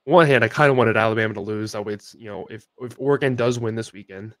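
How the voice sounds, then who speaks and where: A man's voice: on the low side, quick pace, no echo. A young man co-hosting a sports podcast, telling a long story in a casual, rambling way with many fillers and restarts. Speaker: podcast co-host.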